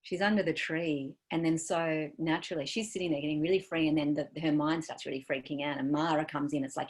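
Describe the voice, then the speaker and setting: A woman giving a dharma talk as a meditation teacher, gentle and searching, trailing off softly with many fillers. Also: low-pitched, steady tone, quick pace, hardly any pauses.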